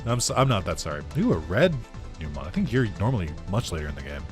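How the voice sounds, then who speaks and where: Male gaming creator, low voice, loose rambling let's-play chatter. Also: very animated, fast talker, music in the background. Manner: rambling, with lots of fillers and chuckles. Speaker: gaming YouTuber. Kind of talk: casual let's-play commentary.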